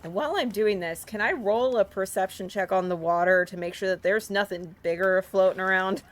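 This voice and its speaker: A woman playing a tabletop game, earnest and excitable with frequent giggles. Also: medium pitch, a little fast. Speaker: player. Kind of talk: casual tabletop role-play.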